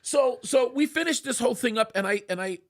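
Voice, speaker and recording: Male studio host, high voice, animated storyteller who acts out dialogue. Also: fairly quick. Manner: animated, acts out quoted speech. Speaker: show host.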